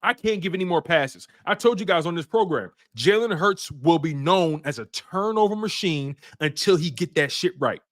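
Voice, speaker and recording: A man's voice: a little high, lively intonation, normal speed, few pauses. Heated male sports host ranting. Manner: heated, repetitive, swings to shouting. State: emotional and worked up. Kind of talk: livestream sports rant reading viewer chats.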